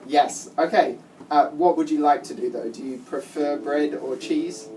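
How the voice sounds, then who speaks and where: Low-voiced woman teaching guitar, encouraging. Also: unhurried, mellow, slight background noise. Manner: encouraging, praising and giving step-by-step instructions. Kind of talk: one-on-one music lesson. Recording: distant mic with guitar playing.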